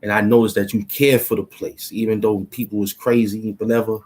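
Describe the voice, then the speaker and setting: A man retelling the words of an easygoing maintenance worker at a shelter, in a low voice with plain, friendly street talk. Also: flat delivery, a little fast, a little mellow, natural voice. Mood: kindly.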